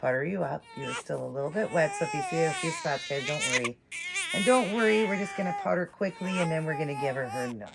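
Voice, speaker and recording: A woman's voice: sits low, lively intonation, quick pace, gravelly. A woman vlogger tending reborn dolls, cooing and soothing them in casual mother talk while explaining to viewers. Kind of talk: casual show-and-tell vlog. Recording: loud background crying noise. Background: recorded baby crying.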